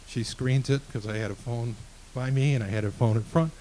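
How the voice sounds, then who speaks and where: A man telling a true story on stage, animated and acting out the dialogue. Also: medium pitch, a little fast, hardly any pauses, slight background noise, low-quality recording. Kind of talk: live storytelling. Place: live venue stage.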